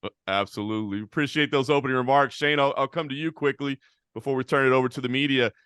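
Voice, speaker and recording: A man's voice: mid-range voice, fast talker, fairly bright tone, clear, resonant tone, no room sound, clean studio sound. A man hosting a press call, asking fighters questions with enthusiasm. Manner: enthusiastic, hype. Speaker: host.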